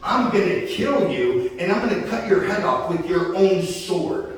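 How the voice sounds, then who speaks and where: A man's voice: sits high, very animated, measured pace, pitched above the performer's own voice. Man playing a defiant shepherd boy, bold, slightly raised voice, echoey hall, far mic.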